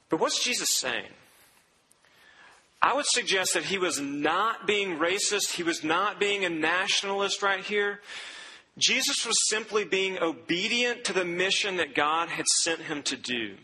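A man preaches in a relaxed, conversational manner, now and then acting out the people in the story. His voice is high and strikingly bright. It rings out with a long reverb, as in a church sanctuary. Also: normal speed, a little hiss or hum. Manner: conversational preaching, quotes scripture and acts out voices. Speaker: pastor. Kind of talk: sermon.

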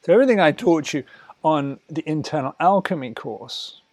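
A man teaching a relaxation lesson, talking slowly and soothingly, sometimes dropping to soft murmurs between louder asides. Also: fairly high pitch, animated, no echo. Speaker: wellness teacher. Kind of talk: guided talk on breathing and relaxation.

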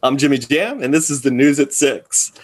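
A man's voice: mid-range voice, normal speed, voice pushed up, natural voice. A man doing a cheesy evening news anchor. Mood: mock-formal.

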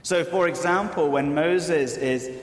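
A man's voice: a little high, unhurried. A man preaching a sermon, earnest and explanatory with wry asides. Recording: echoey hall with long reverb.

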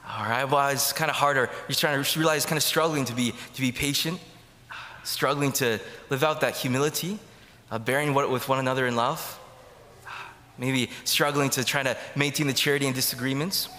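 Bright-voiced preacher in an echoey church. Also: male voice, mid-range voice, fairly even intonation, a little fast, a little hiss or hum. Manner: rambling, many fillers and restarts. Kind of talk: casual homily.

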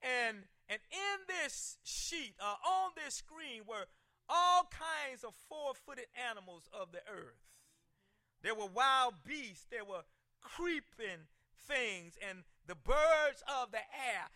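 A male pastor preaching a sermon, driving points home with shouted emphasis and stumbling repeats. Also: very high-pitched, expressive, slow, dry recording.

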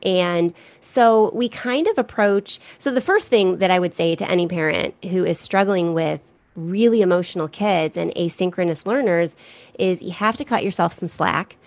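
Chatty low-voiced middle-aged woman. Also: normal speed, creaky, dry recording. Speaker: guest, gifted education resource creator. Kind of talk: casual podcast conversation.

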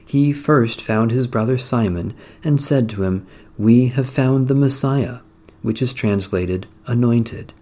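A man reading psalms, prayers and a gospel passage in a measured, solemn, devotional cadence. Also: medium pitch, dark tone. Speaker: prayer reader. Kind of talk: liturgical reading of psalms and scripture.

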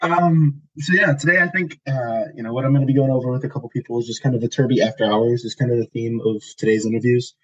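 A young male student interviewer on a podcast, talking in a relaxed way with lots of fillers. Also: medium pitch, fast, few pauses, lo-fi sound. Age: young adult. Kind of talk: casual podcast chat.

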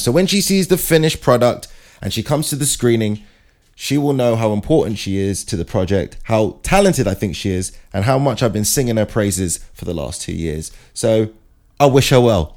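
A man, chatting in a casual comic monologue, self-mocking and animated. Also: mid-range voice, normal speed. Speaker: vlogger.

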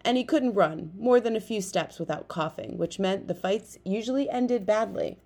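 A woman narrating an audiobook, reading the story in a lively way and switching voices for each character. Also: medium pitch, moderate pace, vocal fry.

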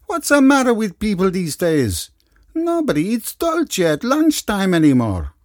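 A man's voice: sits high, wildly swooping pitch, unhurried, no room sound, studio quality, voice pushed up, full character voice. A man voicing a flirtatious middle-aged Italian restaurant owner with a lilting Italian accent. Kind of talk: audiobook character voice.

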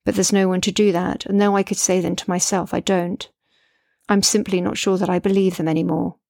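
A woman's voice: on the low side, little pitch movement, a little fast, gravelly, mellow, no echo, clean studio sound. A middle-aged woman, a mother, narrating her memoir in an earnest, reflective way.

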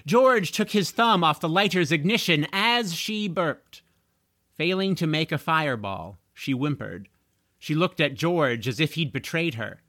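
Male audiobook narrator, animated and bright, dry close sound. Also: a little high, unhurried, no echo. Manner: expressive, animated reading. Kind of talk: scripted story narration.

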